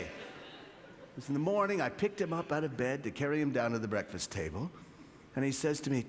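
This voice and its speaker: A man hosting a comedy show with stand-up, dry and deadpan with sudden high outbursts. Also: moderate pace. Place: comedy club stage. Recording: roomy hall with audience noise.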